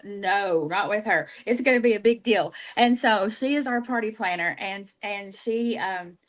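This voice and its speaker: A woman speaks warmly and with feeling, telling stories about her team and her products. Her voice sits at an ordinary middle pitch in casual conversation. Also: moderate pace, hardly any pauses. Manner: heartfelt, emotional, storytelling. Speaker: team leader, guest. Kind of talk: casual livestream chat.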